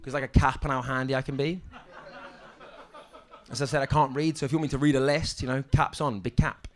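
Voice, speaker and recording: A young man doing a stand-up set on a club stage, with a halting deadpan delivery full of ums and restarts. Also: medium pitch. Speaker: stand-up comedian. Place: comedy club stage with audience. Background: audience laughter.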